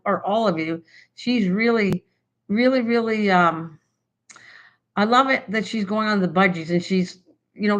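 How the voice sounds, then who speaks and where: An older woman with a Canadian accent, hosting a casual live-stream chat about crafts, rambling with lots of fillers and restarts, hyper and excited. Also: mid-range voice. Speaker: craft channel host.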